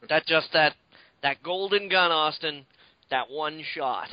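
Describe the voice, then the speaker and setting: A man's voice: a little high, takes it slowly, dry recording, dull audio. A man co-hosting a podcast in casual chat, rambling and swearing freely with lots of fillers. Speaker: podcast co-host.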